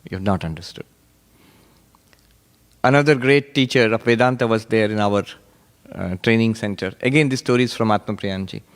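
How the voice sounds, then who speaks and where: A man, a monk, giving a sermon on Vedanta with animated storytelling and frequent laughter. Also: lowish voice, fairly quick, clear, resonant tone, in a large hall.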